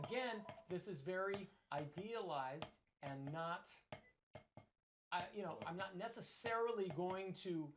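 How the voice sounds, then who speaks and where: A man's voice: high-pitched, measured pace, background noise. Man scatting drum rhythms in a lesson. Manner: scats rhythms with syllables. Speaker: drum teacher. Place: drum studio. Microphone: wearing a microphone.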